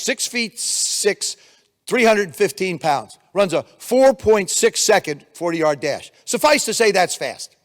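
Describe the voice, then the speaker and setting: Energetic older man telling stories in a hall. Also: a little high. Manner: energetic storytelling with acted-out quotes. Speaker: keynote speaker. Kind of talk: motivational keynote speech. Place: conference room. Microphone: handheld mic. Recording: long reverb of a hall.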